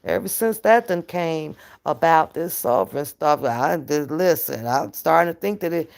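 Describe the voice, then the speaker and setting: A woman hosting her own channel in a casual, profane livestream rant, animated and laughing often. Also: sits low, normal speed, gravelly. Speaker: channel host.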